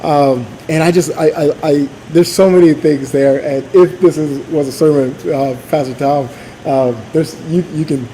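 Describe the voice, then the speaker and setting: Casual church speaker, male, slightly high and warm, halting delivery with lots of fillers. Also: fairly even intonation, rough recording. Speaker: church leader. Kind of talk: informal sermon talk.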